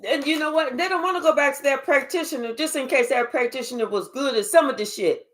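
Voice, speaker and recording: A woman giving a casual spiritual reading, talking in an animated, profane way and acting out quoted voices. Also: high voice, fast talker. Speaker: spiritual reader. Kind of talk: casual live reading monologue.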